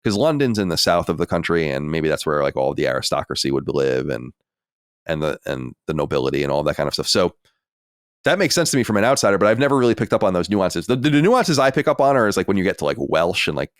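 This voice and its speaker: A man's voice: sits low, animated, fast, smooth, no echo, clean studio sound. An American man co-hosting a podcast, reading listener mail and musing in casual chat with lots of fillers. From United States. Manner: reads listener mail, then muses with many fillers. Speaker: podcast co-host.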